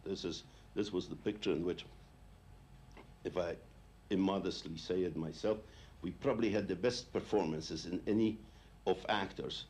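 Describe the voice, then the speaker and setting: A man with a very deep voice speaks in a slow, formal way, weighing his phrases. A faint ambient hiss sits behind him. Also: darkish tone. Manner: measured, formal, deliberate. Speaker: film producer interviewee. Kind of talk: archive interview.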